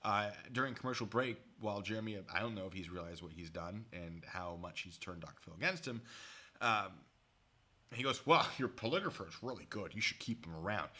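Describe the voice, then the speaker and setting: A man's voice: lowish voice, pushed and bright. A man giving casual live-stream commentary at a desk mic, rambling and chatty with asides to his viewers. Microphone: desk mic pulled close.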